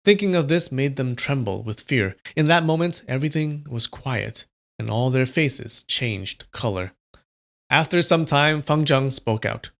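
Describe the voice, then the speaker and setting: A man's voice: mid-range voice, expressive, a little slow, a bit bright. A man reading a novel aloud on a livestream and chatting casually with viewers between passages. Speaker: livestream storyteller.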